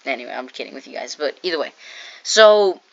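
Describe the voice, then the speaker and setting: A woman's voice: sits low, expressive, a little fast, muffled recording. A woman casually telling a storytime vlog, chatty and jokey, acting out what people said. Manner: chatty, jokey asides, acts out quoted lines. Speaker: storytime vlogger.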